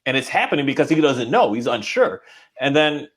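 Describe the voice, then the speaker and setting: A man hosting a casual conversation, speaking haltingly with many restarts as he thinks aloud. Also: on the high side, big pitch swings, husky. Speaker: podcast host, dog owner.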